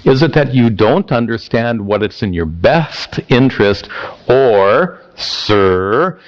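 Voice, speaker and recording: A man's voice: medium pitch, lively intonation, slow pace, muffled recording. A man voicing a sarcastic, angry young prince who speaks to his father like a mocking, exasperated teenager.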